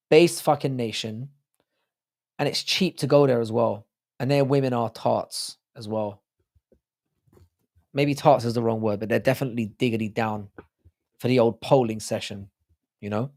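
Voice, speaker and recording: A British man hosts a livestream, bantering crudely and joking with his viewers. His voice is hoarse from a sore throat and has a gravelly rasp. It sits at an ordinary middle pitch. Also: normal speed, pauses often, darkish tone. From United Kingdom. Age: adult with a child. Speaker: livestream host. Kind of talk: casual livestream chat reading out viewer comments.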